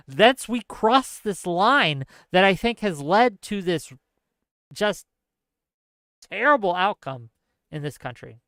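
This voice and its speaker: A man giving an impassioned political commentary monologue, earnest and lecturing, speaking straight to his audience in fast bursts with heavy repetition. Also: high-pitched, lively intonation, a bit bright, clear, resonant tone, no echo. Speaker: political streamer.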